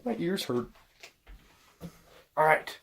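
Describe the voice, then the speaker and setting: Brief: male vlogger, jumpy and animated, slow and drawn-out delivery, cusses freely. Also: a little high, creaky, a little hiss or hum. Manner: excitable, swears, yelps and shouts at misses; talks to his dog and himself. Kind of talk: casual self-talk while filming.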